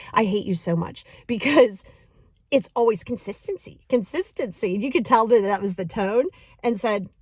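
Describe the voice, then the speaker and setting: A woman coach talks through her podcast in a loose, animated way, slipping into quoted voices and laughing as she goes. Her voice sits at an ordinary middle pitch for a woman. The recording is dry and close, with no room sound. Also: no echo. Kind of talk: casual podcast monologue.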